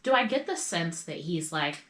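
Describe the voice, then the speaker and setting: A woman's voice: on the low side, sing-song, normal speed, a bit bright, echoey room. A woman playing a tabletop game, chatting casually and asking earnest questions. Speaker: player.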